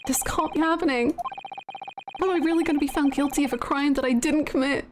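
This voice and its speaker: A woman voicing a nervous young male rookie lawyer, reading earnest, stammering game lines in her own high voice. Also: a little fast, background noise, close to an everyday voice. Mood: anxious. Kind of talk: reading game dialogue aloud. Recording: game music underneath. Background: game music.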